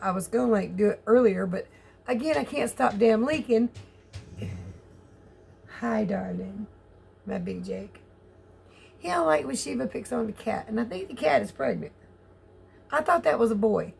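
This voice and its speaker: A woman's voice: fairly high pitch, animated, moderate pace, creaky, long pauses, darkish tone, slight background noise. A woman with a Southern US accent in a chatty, candid vlog, laughing often and swearing casually as she rambles. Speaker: vlogger.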